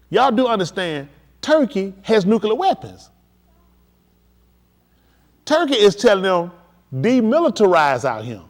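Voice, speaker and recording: A man preaching on a livestream, emphatic and addressing his listeners directly, building to excited peaks. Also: high-pitched. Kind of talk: livestream preaching on world events.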